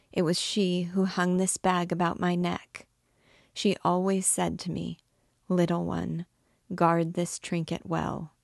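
A woman's voice: gravelly, dry recording, studio quality. A woman voicing a frightened young woman condemned to die, pleading in a raised, breathless voice in a dramatic novel reading. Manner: pleading, breathless, higher pitched.

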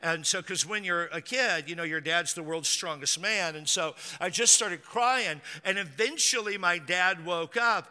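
A man's voice: sits high, measured pace, few pauses, sharp tone, clean tone, big-room sound. A man preaching a sermon as a pastor, telling stories in a conversational way with dry jokes.

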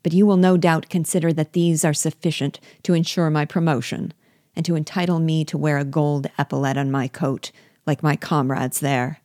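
A woman's voice: sits low, steady tone, moderate pace, warm tone, no echo, studio quality, lightly acted. A woman reading an audiobook, voicing a proud, ambitious male soldier who stammers when confused.

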